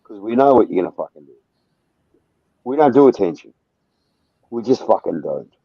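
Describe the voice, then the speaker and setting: A man's voice: lowish voice, animated, normal speed, vocal fry, husky, no room sound, dull audio. A man with an Australian accent ranting on a livestream panel, swearing constantly and talking over others. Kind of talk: heated livestream panel talk.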